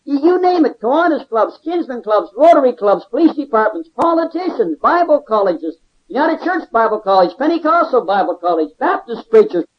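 A man's voice: very high-pitched, big pitch swings, moderate pace. A man, a former convict, giving a fervent religious testimony with emphatic, repetitive exclamations of praise. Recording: dull lo-fi tape recording.

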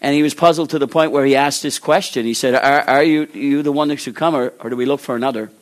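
A male preacher delivering a sermon in a mid-range voice. He acts out the figures he quotes, rising to loud, high exhortation and then falling to slow, hushed pleading. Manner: acts out biblical dialogue.

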